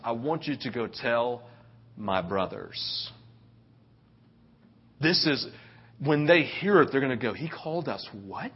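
A middle-aged man preaching a sermon in a casual, story-driven way. He keeps checking in with "right?" and leaps into a loud, high voice when he quotes someone excited. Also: highs cut off. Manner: conversational, keeps asking "right?". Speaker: pastor.

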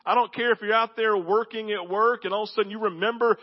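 A man preaching a sermon as pastor, telling stories with animated delivery that drops to a low, intense hush. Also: fast, dull audio. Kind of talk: sermon with storytelling.

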